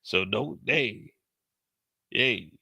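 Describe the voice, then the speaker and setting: A young man with a bright, forceful voice, riffing casually and profanely as he recaps a show and slips into the characters' lines. The sound is close and dry, with no room around it. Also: on the low side, expressive, drawn-out words, vocal fry, breathy edge, no room sound. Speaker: show commentator. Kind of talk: animated casual recap commentary.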